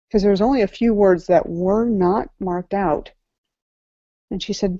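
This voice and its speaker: A woman's voice: medium pitch, fairly even intonation, moderate pace, dark tone, dry recording. A woman life coach giving an earnest motivational talk from slides, repeating key phrases for emphasis, in a slightly muffled recording. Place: event venue before an audience.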